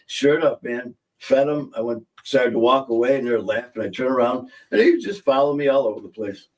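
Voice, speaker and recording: Man, podcast host, rambling storyteller, laughs at own jokes, mid pitch, slightly distant mic. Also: lively intonation, a little fast, a little mellow. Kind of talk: casual live-stream chat. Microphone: streaming setup mic.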